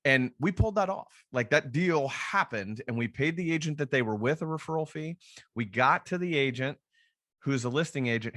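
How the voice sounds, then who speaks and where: A man leads a relaxed sales training session, mixing advice with stories. He talks in a lively, chatty way and slips into quoted voices to act out phone calls. His voice sits at an ordinary pitch, recorded close and dry with no room sound. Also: no room sound. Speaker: luxury real estate trainer. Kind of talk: conversational training talk with storytelling.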